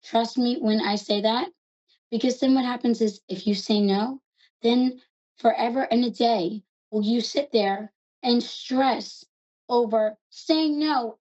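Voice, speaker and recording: Chatty New York woman hosting a psychic call-in, mellow and a little muffled. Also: a little high, steady tone. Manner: fast, chatty and affectionate, calls callers love. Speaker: psychic reader host.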